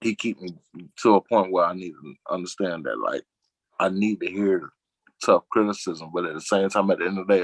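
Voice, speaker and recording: A man talks in a low, deep voice, recorded dry and close. He rambles through casual chat in slang and drops his voice to act out things his friends say. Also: no echo, rough recording. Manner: rambling, slangy, acts out quotes in a lower voice. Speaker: guest on a talk show.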